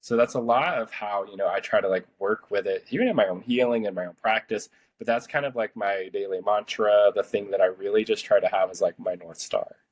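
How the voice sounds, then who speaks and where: A man's voice: on the low side, a little fast, few pauses. A man around thirty, a podcast host, telling a personal story in casual, rambling talk full of "like". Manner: chatty, rambling, heavy use of "like".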